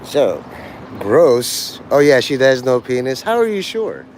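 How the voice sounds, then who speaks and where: A man's voice: mid-range voice, sing-song, measured pace, a little mellow, a little hiss or hum. A man livestreaming to a chat, rambling crudely from joke to joke and breaking into laughter. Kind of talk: rambling live-stream chat.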